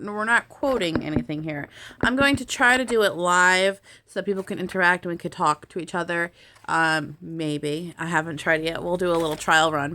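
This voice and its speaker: A woman's voice: medium pitch, pushed and bright. A young adult woman chatting casually as a vlogger, answering viewer questions with lots of ums and restarts. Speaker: beauty vlogger. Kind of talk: casual Q&A chat.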